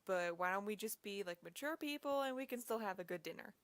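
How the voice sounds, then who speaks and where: A woman's voice: mid-range voice, fairly quick, close to an everyday voice. A woman voicing a laid-back male president in a casual, offhand way, with no echo. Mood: breezy. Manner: relaxed, offhand.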